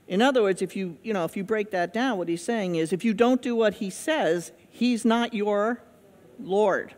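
A woman's voice: medium pitch, moderate pace, darkish tone. A middle-aged woman pastor preaching a sermon in a conversational, emphatic way, with repeated phrases and questions to the congregation. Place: church sanctuary. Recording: long echo of a church hall.

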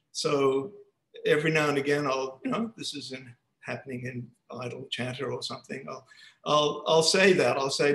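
A man gives a seminar talk over a video call, working through his points with plenty of restarts. His voice sits fairly high. The sound is roomy and echoey. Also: a bit bright. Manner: hesitant, with frequent restarts. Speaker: guest speaker. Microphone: computer mic on a video call.

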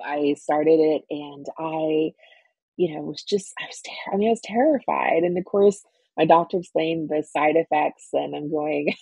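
A woman's voice: low voice, vocal fry, slightly rough, dry recording, muffled recording. A woman in her forties telling her story as a cancer patient in an interview, earnest and emotional, with frequent restarts. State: emotional, near tears.

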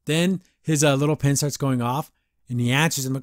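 A young man hosting a podcast, rambling excitedly through a casual episode review. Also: mid-range voice, fairly quick, no room sound, studio quality. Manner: excitable, rambling fan talk. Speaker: podcast host.

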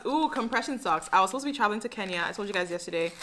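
A woman chatting excitedly in a casual vlog, bubbly and quick to laugh. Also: mid-range voice. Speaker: vlogger. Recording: noisy handheld vlog audio.

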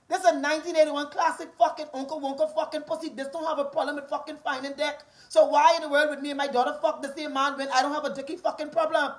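A high-pitched Bahamian woman in her forties, talking straight to her listeners in an angry rant. She is profane and combative, hammering the same taunts again and again. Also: fairly even intonation, fast talker, rough recording.

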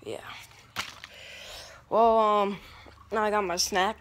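Woman walking around vlogging on her phone, slow rambly talk, silly sound effects, lots of outdoor noise behind. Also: medium pitch, steady tone, fairly bright tone. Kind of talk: casual walking vlog. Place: outdoors on a walk through town. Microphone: handheld phone camera. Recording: phone video with clear outdoor background noise.

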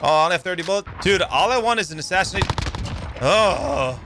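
A man's voice: high-pitched, brisk, noisy background. Hyped young man calling gunfights. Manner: hyped, excitable, yelling at plays. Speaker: pro gamer streamer. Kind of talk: live gameplay commentary. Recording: loud game gunfire under voice. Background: shooter game gunfire.

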